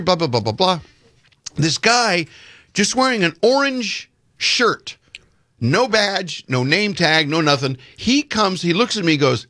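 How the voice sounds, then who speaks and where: A man's voice: high voice, unhurried, dry recording. A man co-hosting a casual chat, telling a long story and acting out the quoted dialogue. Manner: animated, acts out quoted dialogue. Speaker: podcast co-host telling a story.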